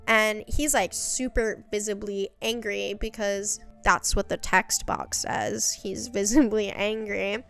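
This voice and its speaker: A woman's voice: mid-range voice, steady tone, takes it slowly, gravelly, few pauses, a bit bright, clear, resonant tone, soft background music. A young woman giving a casual, chatty recap of a web series, full of sassy, exasperated asides.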